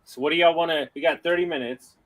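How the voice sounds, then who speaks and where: A man's voice: fairly high pitch, quick pace, rough recording. Man telling a story with acted-out dialogue. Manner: animated storyteller, acts out dialogue, swears freely. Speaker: guest. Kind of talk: casual chat.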